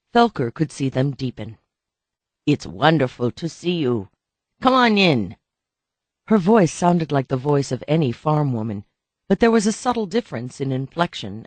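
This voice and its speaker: A man narrating a novel as an audiobook reader, in a steady, even storytelling manner. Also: a little high, no room sound. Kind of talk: scripted narration.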